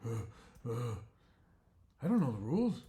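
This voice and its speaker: A man's voice: medium pitch, sing-song, a little slow, dark tone. A man voicing a nervous young male dog who is out of his depth in a fight. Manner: nervous, panicky.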